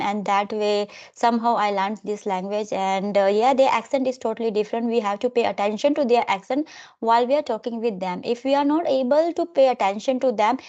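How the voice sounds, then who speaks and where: Fast-talking Indian woman, muffled sound. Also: fairly high pitch, a little mellow. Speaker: host. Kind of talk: English conversation practice chat. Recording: dull lo-fi sound.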